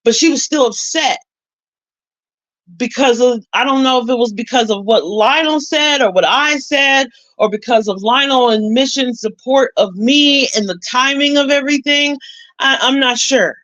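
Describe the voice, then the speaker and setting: A woman's voice: high-pitched, normal speed, fairly bright tone, dull audio. A woman telling her viewers a story in casual chat, talking emphatically and repeating herself for weight. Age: adult with a son. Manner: emphatic, repetitive, conversational. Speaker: YouTube commentator.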